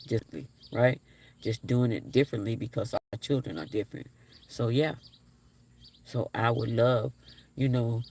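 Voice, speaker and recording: A man in his forties hosting a casual livestream, reading viewer comments aloud and repeating his phrases, sounding low on energy. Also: creaky, a little mellow. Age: 40s. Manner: repeats his phrases, talks straight to the chat. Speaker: livestream host.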